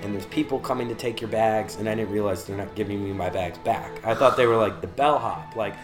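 Music plays in the background as this man, a guest from Charleston, South Carolina, briskly recounts his rehab stay in a fairly low voice. The story is long and laid-back, he swears freely, and he imitates those he quotes.

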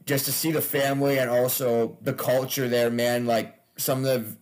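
A man's voice: mid-range voice, flat delivery, moderate pace, darkish tone. A man, a stand-up comedian, chatting casually as a podcast guest, loose and laughing, with frequent swearing.

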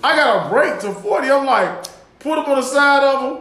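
A man's voice: very high-pitched, lively intonation, fairly quick, pushed and bright, echoey room. A man telling profane, laughing road-rage stories in casual chat.

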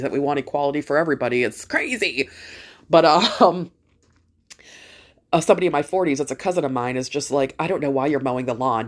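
A middle-aged woman hosting a podcast, talking casually and bluntly, swearing freely and rambling with restarts. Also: low voice. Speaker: podcast host. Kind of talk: casual opinion monologue.

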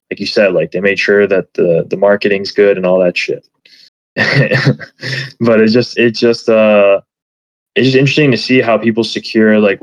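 A man's voice: on the low side, no echo, highs cut off. A man chatting casually as a podcast guest, rambling with many fillers and swear words. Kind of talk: casual chat.

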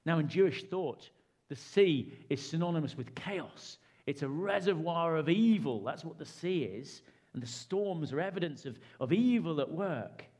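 A man preaching a sermon, with dramatic rises and hushed drops. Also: a little high, lively intonation, normal speed.

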